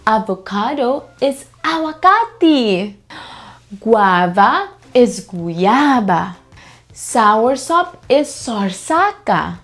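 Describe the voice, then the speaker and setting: A woman teaching vocabulary to toddlers, prompting children to repeat each word slowly after her. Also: a little high.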